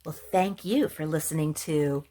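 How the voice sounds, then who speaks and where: A woman librarian reading a picture book aloud for children, slow and gentle, pausing to explain words. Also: deep voice, expressive, creaky, husky.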